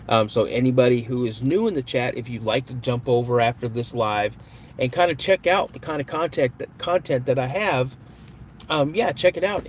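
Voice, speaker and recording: A man's voice: medium pitch, slight background noise. A man hosting a live podcast stream, chatting casually with viewers, joking and greeting them. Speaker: podcast host.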